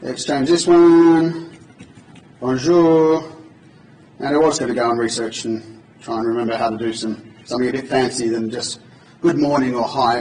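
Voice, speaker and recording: A man's voice: medium pitch, a little hiss or hum. A man at a conference giving an informal, joking live coding demo to an audience in a large hall. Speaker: conference speaker. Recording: echoey hall from far off.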